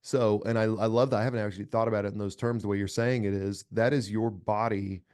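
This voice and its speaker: Middle-aged guy on a podcast, kinda low voice, earnest, keeps repeating himself when he gets going. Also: steady tone, quick pace, a little mellow. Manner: earnest, emphatic, repeats words as he restarts. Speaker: podcast guest, company cofounder. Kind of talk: casual conversational interview.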